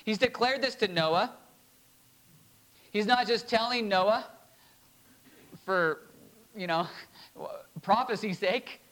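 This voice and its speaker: A pastor preaching a sermon, reading scripture slowly and emphatically, with short laughs between points. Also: male voice, high voice, a bit bright, poor audio.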